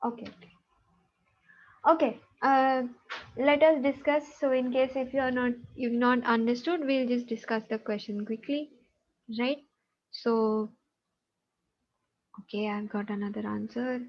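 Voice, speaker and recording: A woman's voice: on the high side, steady tone, unhurried, pauses often. Patient woman teaching over dull call audio. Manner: patient, checking students' answers aloud. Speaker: math teacher. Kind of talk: online class teaching.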